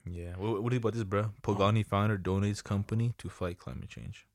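A man with a fairly low voice talks in a loose, slangy way, full of swearing and retold dialogue. He sits close to a dry mic with no room sound. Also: steady tone, fast talker, dry recording. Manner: loose, slangy and profane, tells stories with quoted dialogue. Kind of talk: casual chat.

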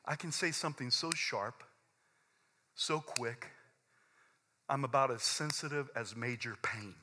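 Intense, bright-voiced male preacher. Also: a little slow, a little hiss or hum. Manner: intense, swings from loud fervent highs to low quiet asides; repetitive, conversational preaching with stammered restarts. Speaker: pastor. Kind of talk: sermon.

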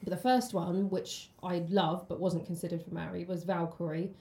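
A woman's voice: fairly low pitch, level tone, normal speed, a little mellow. A woman, co-hosting a casual film podcast and chatting with many ums and restarts. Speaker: podcast co-host. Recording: roomy echo.

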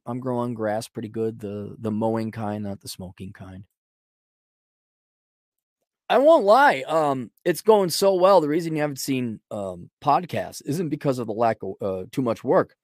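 A man's voice: mid-range voice, lively intonation, moderate pace, darkish tone, no room sound. Podcast host, male, middle-aged, American, rambling and sarcastic, dry close sound. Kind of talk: casual ranting monologue.

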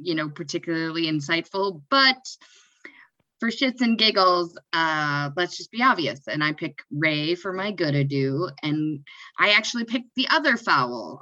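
A woman's voice: on the low side, sharp tone, dry recording, lo-fi sound. A woman co-hosting a casual sports podcast, playful and jokey, laughing at her own quips. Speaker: podcast co-host.

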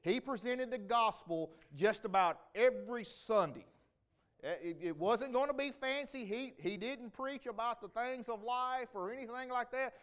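A man's voice: extremely high pitch, moderate pace, fairly bright tone. Folksy man telling church memories. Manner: folksy, rambling, with many restarts. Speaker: church member giving a homecoming testimony. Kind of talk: homecoming testimony to a congregation. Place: church sanctuary.

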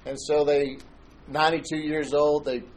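A man's voice: on the high side, level tone, moderate pace, slight background noise, low-quality recording. A man preaching a sermon in church, conversational and joking, telling anecdotes. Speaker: pastor.

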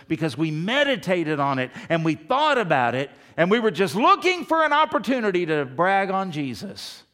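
A man's voice: high voice, a bit bright. A pastor in his fifties preaching a sermon with emphasis, often asking the congregation questions. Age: 50s.

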